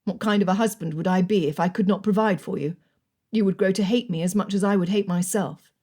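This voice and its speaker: A woman voicing a gallant young army colonel who speaks earnestly and a little gruffly. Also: medium pitch, fairly quick, warm tone, natural voice.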